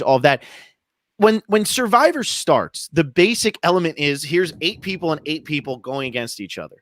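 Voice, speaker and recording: A man's voice: fairly high pitch, animated, normal speed, fairly bright tone, dry recording, clean studio sound. A man co-hosting a podcast, thinking aloud as he builds an argument in casual chat. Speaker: podcast co-host.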